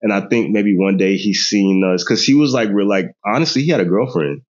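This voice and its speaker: A low-pitched man in his thirties tells a family story on a podcast, animated and laughing often, slipping into voices of relatives. The sound is dull and lo-fi. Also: fairly quick. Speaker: podcast guest. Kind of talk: casual storytelling chat.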